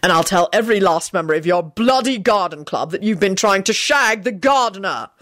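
A woman's voice: mid-range voice, expressive, fairly quick, fairly bright tone, no echo, clean studio sound, natural voice. A woman narrator voicing a rude, blunt man who makes threats in a storybook reading. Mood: threatening.

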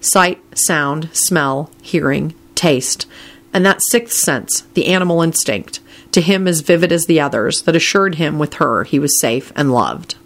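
A woman narrating a story aloud in a calm, measured way. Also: sits low. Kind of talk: storybook reading.

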